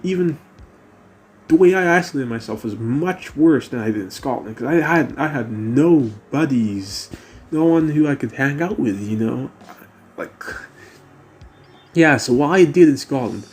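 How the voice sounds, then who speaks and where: A man's voice: medium pitch, expressive, unhurried, slight background noise. Young man with a mixed British-American accent. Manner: rambling, lots of fillers and restarts. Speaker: vlogger. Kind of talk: casual personal talk.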